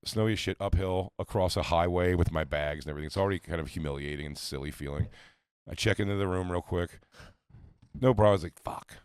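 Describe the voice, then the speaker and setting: A man in his forties telling a story on a comedy podcast, casual and animated, slipping into other people's voices. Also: low voice, clear, resonant tone, no room sound, clean studio sound. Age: 40s. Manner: fast, animated, acts out other voices in quotes.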